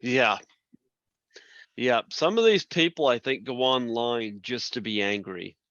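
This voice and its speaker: A man's voice: medium pitch, expressive, measured pace, a bit bright. A man hosting an interview, mostly offering short agreeing replies and chuckles. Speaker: podcast host. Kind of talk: casual interview chat. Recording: dry lo-fi audio.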